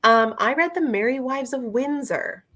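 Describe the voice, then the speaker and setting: A woman's voice: sits high, expressive, normal speed, fairly bright tone. A woman in a casual book review chat, rambling and chatty, with many fillers and asides, talking straight to her viewers. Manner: talks to her viewers and a friend directly.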